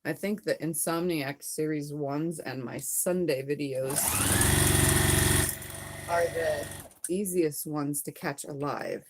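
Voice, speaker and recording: A woman with a deep, gravelly voice that has gone hoarse, rambling through a casual livestream from her sewing room. She greets viewers and reads their comments aloud in a chatty, meandering way. A faint clicking of a sewing machine runs underneath. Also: slow pace, darkish tone, a little hiss or hum. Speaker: live streamer.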